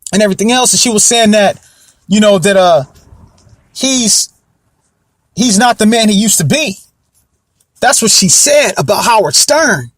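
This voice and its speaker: A man's voice: high voice, no room sound, clean studio sound. A young man hosting a casual commentary podcast, rambling and repeating himself, often asking if you know what he means. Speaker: podcast host.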